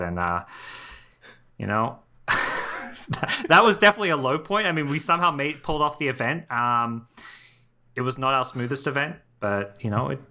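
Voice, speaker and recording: Guest guy on a podcast, really bright sharp voice, laid back, keeps restarting. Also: medium pitch. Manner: relaxed, laughs easily, many restarts. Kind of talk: casual interview chat.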